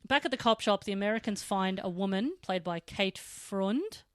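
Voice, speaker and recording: A woman's voice: medium pitch, animated, moderate pace, dry recording, clean studio sound. A woman hosting a podcast, recapping a TV episode in casual chat, joking and swearing. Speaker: podcast host.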